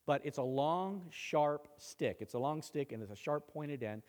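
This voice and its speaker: Slow, dramatic preacher with a high voice. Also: male voice, animated, a little mellow. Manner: slow, dramatic, acts out quoted lines; conversational asides with fillers. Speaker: pastor. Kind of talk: expository sermon.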